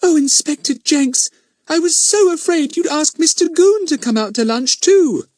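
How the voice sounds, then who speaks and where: A man's voice: very high voice, moderate pace, a little mellow, no room sound, clean studio sound, voice pushed up. A man voicing an anxious, earnest little schoolgirl in a storybook reading, eager and breathless.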